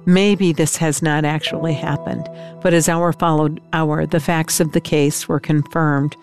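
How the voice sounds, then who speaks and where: A woman's voice: sits low, steady tone, measured pace, a little mellow, faint music behind. An older woman giving an emotional personal testimony as an interviewed mother, telling her story in an intense, tearful way.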